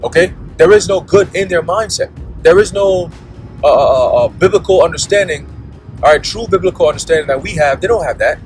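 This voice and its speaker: A man's voice: on the high side, animated, fairly quick, soft background music, poor audio. A man giving a blunt, profane preaching monologue, constantly checking in with "okay?" and "all right?". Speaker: religious commentator.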